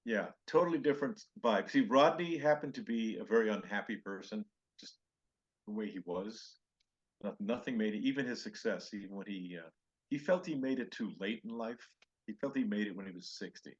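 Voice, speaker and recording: A man's voice: fairly low pitch, fairly quick, husky, highs cut off. An older male comedian telling road stories in a podcast interview, acting out other people's lines in raised voices. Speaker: comedian guest.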